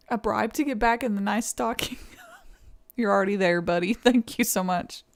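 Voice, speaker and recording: A woman's voice: a little high, expressive, normal speed, vocal fry, long pauses. A young woman from East Tennessee with a Southern accent, chatting casually with viewers on a live stream and thanking them. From East Tennessee, USA.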